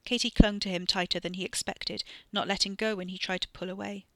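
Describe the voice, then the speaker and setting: Sex: woman. Style: scripted narration. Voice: bright. Mic: close, dry. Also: mid-range voice, level tone, brisk, hardly any pauses, dry recording. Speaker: audiobook narrator.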